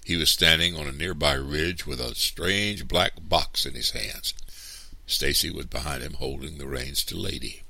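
A man reading a storybook aloud in a lively, animated way. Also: extremely low pitch, moderate pace, creaky, no echo. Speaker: storybook reader. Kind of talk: expressive read-aloud narration.

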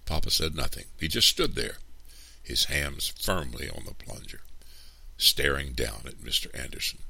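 A man calmly reading a story aloud as a narrator. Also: extremely low pitch, normal speed, gravelly, breathy edge. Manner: calm, even read-aloud narration. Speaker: reader.

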